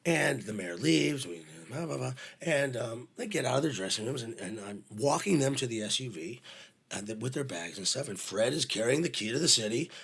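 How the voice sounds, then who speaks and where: A middle-aged man telling backstage stories in a casual, animated way, swearing freely and using lots of fillers. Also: medium pitch, fairly quick, creaky, breathy edge. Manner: animated, profane, full of fillers. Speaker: podcast guest, venue manager. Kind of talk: casual anecdotal storytelling.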